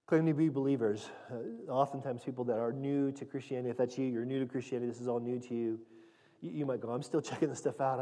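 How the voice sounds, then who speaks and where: A man's voice: mid-range voice, dark tone, big-room sound. A man preaching a conversational sermon, earnest and direct, often restarting and repeating his words. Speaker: pastor teaching a Bible passage.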